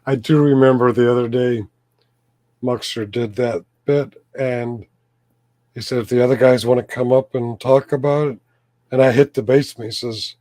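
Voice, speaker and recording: A man hosts a casual live-stream chat in a warm, steady, medium-pitched voice at normal speed, with no room sound. He jokes, chuckles and clears his throat, saying his voice is going.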